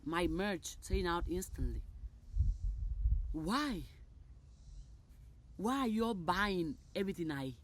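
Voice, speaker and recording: A woman's voice: lowish voice, expressive, slow pace, long pauses, heavy background noise. Exuberant woman chanting affirmations. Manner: exuberant, repetitive, rising loud bursts. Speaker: motivational creator. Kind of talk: spoken affirmations.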